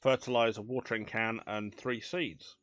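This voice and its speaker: A gaming channel host plays a management game, chatting casually and thinking aloud with dry banter. His voice is fairly low and steady, a bit bright, at a moderate pace.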